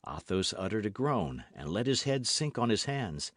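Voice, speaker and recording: A man's voice: on the low side, big pitch swings, moderate pace, few pauses, dry recording, studio quality. A man narrating a classic novel as an audiobook, reading expressively. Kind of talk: scripted narration.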